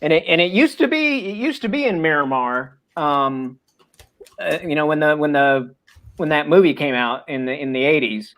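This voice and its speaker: A man's voice: on the high side, moderate pace, a bit bright. A man co-hosting a casual chat, joking and hesitant, swearing casually while eating popcorn.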